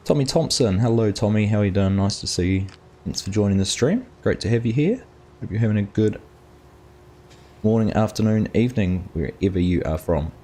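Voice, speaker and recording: A man's voice: fairly low pitch, fairly quick, mellow. An Australian man hosting a live game stream, casually chatting and greeting viewers in chat by name as he plays. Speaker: gaming streamer host.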